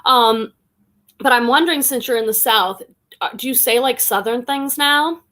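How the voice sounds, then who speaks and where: A woman from Boston hosting a casual live stream, chatting warmly and greeting viewers one by one as she reads the chat aloud. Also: on the high side, normal speed. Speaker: live stream host and online reseller.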